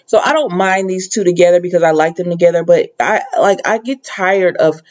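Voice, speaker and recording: Mellow-voiced woman rambling through a recap. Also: lowish voice, brisk, muffled recording. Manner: rambling, full of ums and restarts; conversational, sometimes exasperated asides. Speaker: TV recap host. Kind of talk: casual episode recap.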